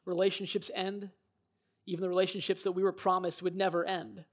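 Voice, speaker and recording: A man's voice: high voice, flat delivery, brisk. A man preaching a sermon, earnest and reflective, telling stories and speaking in quoted voices. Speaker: pastor.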